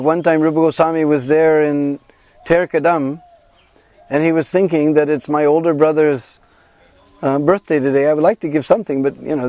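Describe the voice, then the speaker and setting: A man with a fairly high, mellow and warm voice leads a pilgrimage and tells a devotional tale. He tells it in an animated way and brings the quoted characters to life as he goes. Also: no echo. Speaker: pilgrimage guide and devotional speaker. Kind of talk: devotional storytelling on a pilgrimage tour. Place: at a shrine on pilgrimage.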